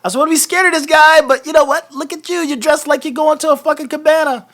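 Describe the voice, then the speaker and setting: A man's voice: very high voice, fairly even intonation, quick pace, a bit bright, pitched above the performer's own voice. A man mimicking a flippant cocky wrestler. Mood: mocking. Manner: mocking, flippant. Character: cocky carefree male wrestler shrugging off a beating.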